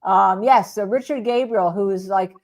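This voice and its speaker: A woman's voice: medium pitch, moderate pace, a little mellow. A woman lawyer and host in a casual chat, joking and firing off rhetorical questions. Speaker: former prosecutor, now defense attorney.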